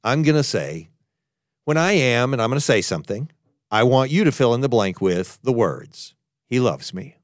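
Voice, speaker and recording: A man preaching a podcast sermon in an earnest tone, moving between emphatic and hushed. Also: medium pitch, lively intonation, normal speed, no echo, studio quality. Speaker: pastor.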